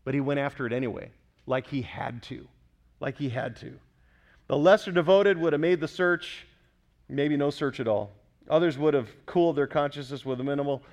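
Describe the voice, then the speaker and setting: A male pastor delivering a sermon in a somewhat high voice. He preaches with emphasis and keeps asking his listeners questions. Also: moderate pace, a little mellow. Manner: emphatic, questions the congregation often.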